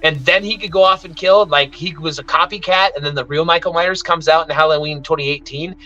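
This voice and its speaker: A man vents heatedly in a casual movie review chat, his speech full of profanity and sudden animated outbursts. His voice sits a little high and rings bright. The audio is slightly dull and lo-fi, with faint music behind it. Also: fairly quick. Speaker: podcast co-host.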